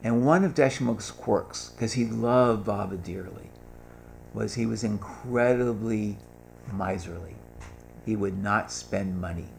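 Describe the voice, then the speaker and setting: A man's voice: lowish voice, slow pace, gravelly, a little hiss or hum. An older man telling humorous anecdotes at a gathering, acting out the voices of the people he quotes. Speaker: speaker at a gathering. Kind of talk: storytelling talk.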